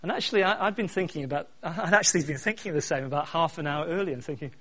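A middle-aged man preaching a sermon, swinging from quiet asides to loud, repeated refrains. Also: on the high side, fast, husky. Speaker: pastor.

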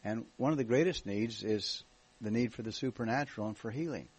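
An American man speaking as a guest minister at a church meeting, telling his story in a relaxed, joking way. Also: mid-range voice, a little fast, husky, low-quality recording. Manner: jokey, relaxed storytelling with restarts. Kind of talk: church talk, testimony.

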